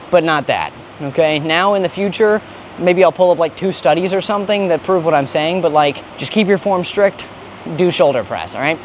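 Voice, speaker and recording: A man's voice: sits high, slight background noise. A young man ranting and joking in a gym, casual and full of profane slang. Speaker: fitness vlogger. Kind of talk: casual gym vlog rant.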